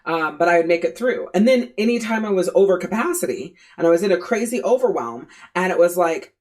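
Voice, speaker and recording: A woman's voice: fairly low pitch, animated, a little fast, a little mellow. A woman coach speaks in a candid podcast monologue. She is blunt and swears freely. Her talk is loose and conversational, full of "you know" and "right", and she stacks repeated phrases to drive a point home. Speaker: life coach and podcast host.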